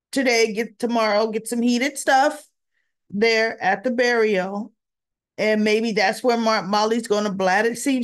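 Slow, chatty woman recapping a soap. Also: a little high. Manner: chatty, retells scenes with quoted dialogue. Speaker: soap opera reviewer. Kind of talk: casual recap.

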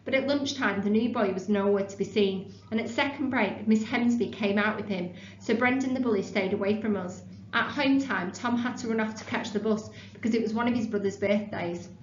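A woman teacher reading a children's novel aloud to a class in a classroom, stopping briefly to explain it. Her reading is steady. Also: medium pitch. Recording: roomy room, dull lo-fi sound.

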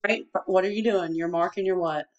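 A woman's voice: on the low side, fairly even intonation, fairly quick, highs cut off. A woman tutoring one-on-one, patiently prompting with questions and short praise as she walks through syllable rules. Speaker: teacher. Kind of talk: one-on-one reading lesson.

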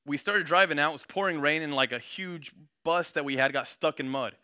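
Bright slangy young male preacher. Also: fairly high pitch, fairly quick, clean tone. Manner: slangy and conversational, reads scripture with rising intensity. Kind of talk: casual sermon.

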